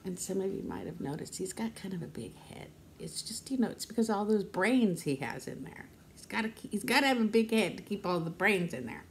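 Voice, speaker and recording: A vlogger in her fifties talks casually to the camera in a brisk, animated voice, rambling and chatty and laughing often. She slips into high baby-talk when addressing her dog.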